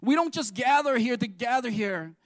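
A middle-aged pastor preaches a sermon in a strikingly high voice, swinging from hushed passages to loud, emphatic ones. He jokes at his own expense along the way. The sound is close and dry, with almost no room echo. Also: expressive, normal speed. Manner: self-deprecating humor, swings between soft and loud.

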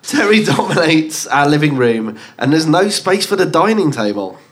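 A man's voice: on the high side, sing-song, normal speed. A man on stage in a live comedy show, teasing and reading out audience letters. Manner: camp, teasing, reading aloud. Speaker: comedy show cast member. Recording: live gig with audible crowd.

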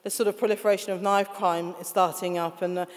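A woman author in an interview, telling stories in a lively way, laughing often and acting out what people said. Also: mid-range voice, a little fast, big-room sound. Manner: animated, laughing, acts out quoted voices. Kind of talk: casual interview storytelling.

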